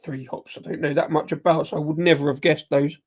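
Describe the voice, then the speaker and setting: A beer reviewer hosts a casual live beer tasting review on his channel in a husky, darkish voice that sits on the high side, brisk with a level tone. He rambles and hesitates through it, full of ums and self-corrections, sipping and tasting as he talks.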